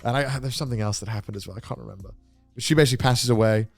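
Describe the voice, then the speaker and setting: A man's voice: mid-range voice, racing, gravelly, dry recording, faint music behind. A man co-hosting a podcast, recapping a story in casual chat, rambling with fillers and correcting himself. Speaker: podcast co-host.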